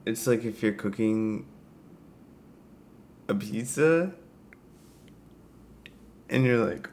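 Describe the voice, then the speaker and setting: A man's voice: lowish voice, expressive, extremely slow, long pauses, a little mellow. A man co-hosting a podcast in casual chat, laid-back and rambling, often laughing. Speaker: podcast co-host. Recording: faint background noise.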